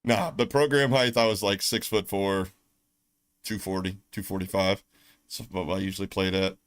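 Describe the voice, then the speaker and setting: A man's voice: low voice, fairly even intonation, normal speed. Middle-aged Southern American man, blunt and profane, streamer ranting to his chat. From United States. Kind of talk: casual livestream rant.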